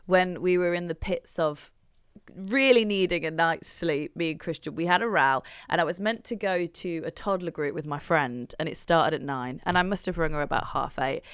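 A young woman talks in a chatty, storytelling way, laughing easily as she shares news with her co-host. Her voice is very clean and smooth, recorded close and dry with no room sound. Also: fairly low pitch, moderate pace, no echo. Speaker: podcast co-host. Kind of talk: casual chat.

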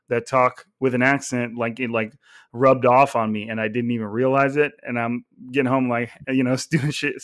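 A man in his thirties hosts a casual sports podcast and tells a loose, rambling story. His voice sits at an ordinary middle pitch and sounds close and dry, with no room around it. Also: no room sound. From California. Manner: relaxed storytelling with fillers and laughs. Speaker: podcast host.

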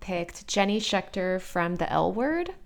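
A woman co-hosting a casual chat, retelling a plot in an animated, blunt, dramatic way. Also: medium pitch, a little slow, creaky. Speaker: podcast co-host.

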